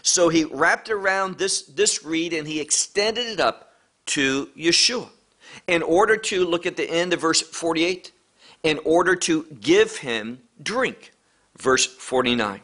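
Male Bible teacher, fairly high voice, emphatic, poses and answers rhetorical questions. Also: lively intonation, unhurried, fairly bright tone.

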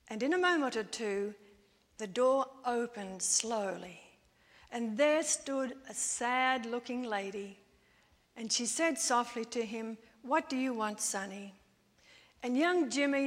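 A woman's voice: fairly high pitch, fairly bright tone. Woman preaching in a reverberant church. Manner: measured, storytelling sermon delivery. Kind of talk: sermon. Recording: long church-hall reverb.

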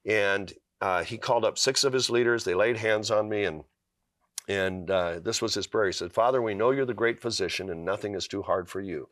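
A man's voice: fairly low pitch, brisk, fairly bright tone, dry recording, clean studio sound. Earnest middle-aged man telling a story. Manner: earnest storyteller, acts out quoted lines, with fillers and restarts. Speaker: guest author. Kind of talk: storytelling in a talk show interview.

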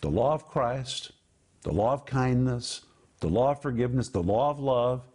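A man teaching a sermon on scripture, emphatic and deliberate, dropping to low hushed tones to stress key words. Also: lively intonation, slightly rough. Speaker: Bible teacher.

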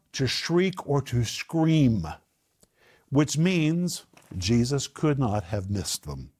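Male preacher, lively sermon delivery, acts out the voices in his stories, voice sits a bit high. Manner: animated, acts out voices of the people in the story.

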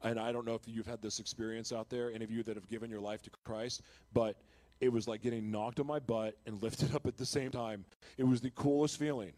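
A man giving an emotional, confessional Christian testimony on live television. He speaks earnestly, with restarts and laughs at himself, and grows loud and impassioned. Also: mid-range voice, fairly even intonation, brisk, dry recording. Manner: grows loud and impassioned when retelling his conversion. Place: television studio.

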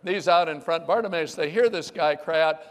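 A man's voice: fairly high pitch, normal speed, big-room sound. A male pastor preaching a sermon emphatically, repeating key phrases and calling on the congregation to respond.

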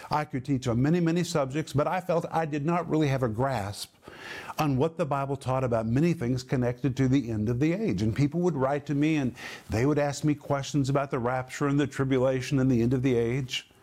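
A middle-aged man preaching a sermon, teaching word meanings with emphatic, drawn-out stresses. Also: mid-range voice, darkish tone. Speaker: pastor, Bible teacher.

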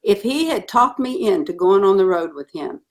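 A middle-aged woman telling a personal story in an interview, earnest and animated. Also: mid-range voice, moderate pace. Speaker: guest.

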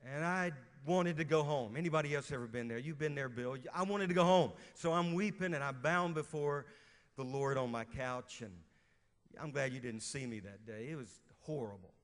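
A man's voice: medium pitch, moderate pace. A middle-aged pastor from Louisiana preaching a sermon and quizzing his congregation as he reads scripture. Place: church sanctuary. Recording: reverberant church hall.

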